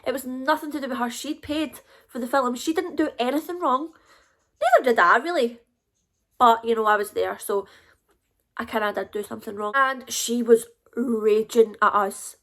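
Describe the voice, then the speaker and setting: Chatty Scottish young woman, bright pitch. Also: moderate pace. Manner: chatty, lively, confiding. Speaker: YouTuber. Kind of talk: casual storytime vlog.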